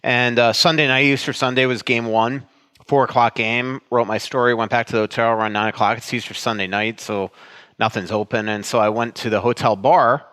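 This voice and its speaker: A man from Florida, a sports writer and co-host, telling a meandering, animated story in casual podcast chat. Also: mid-range voice, fairly quick, clear, resonant tone. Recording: long hall reverb.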